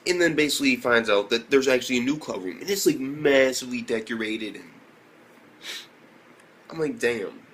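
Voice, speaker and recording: Excitable young man, lively pitch. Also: moderate pace. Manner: excitable, profane, full of fillers and loud exclamations. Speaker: anime reviewer. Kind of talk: casual video review.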